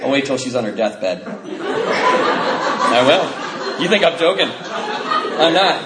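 A man sharing his story with a group, animated and laughing often, jumping high in pitch when he acts out other people. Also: takes it slowly, reverberant, over a noisy crowd.

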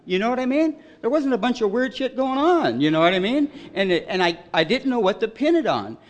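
A middle-aged man tells his own recovery story at a support meeting. He speaks in a slightly higher register than most men. He rambles in a loose, self-deprecating way and keeps returning to "you know.". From Detroit, raised in California. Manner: wry, self-deprecating humor. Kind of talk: AA share, storytelling.

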